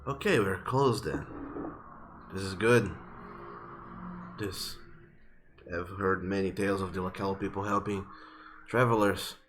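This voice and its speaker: A man voicing a weary, slightly annoyed ship captain asking brisk questions. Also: low voice, background noise. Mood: irritated.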